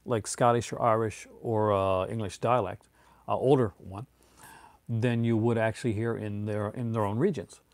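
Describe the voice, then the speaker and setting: A man's voice: fairly low pitch, a little mellow, no room sound. A man from Newfoundland with a Newfoundland accent, chatting casually and rambling through tangents as a streamer answering viewer chat. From Newfoundland, Canada.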